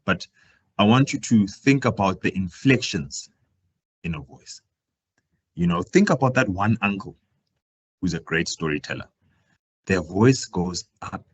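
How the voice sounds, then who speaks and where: Husky man teaching public speaking. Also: highs cut off. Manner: projecting louder than usual, swinging his pitch and volume up and down to demonstrate. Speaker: career talk presenter. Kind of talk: live workshop presentation.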